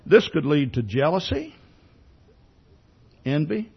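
Male pastor, sermon, slightly high voice, husky, lively pitch swings, dull lo-fi recording. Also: takes it slowly. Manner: conversational preaching with many rhetorical questions; repeats words when starting sentences.

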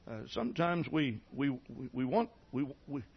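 A man preaching a sermon, telling his conversion story in a folksy way, often clearing his throat and restarting sentences. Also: medium pitch, moderate pace, dull audio. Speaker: pastor. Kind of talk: sermon testimony.

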